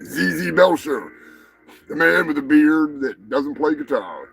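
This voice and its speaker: A man hosting a live show, ranting crudely and swearing constantly, with bursts of shouting. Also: a little high, expressive, a little slow, creaky. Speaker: show host. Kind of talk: profane live-stream rant.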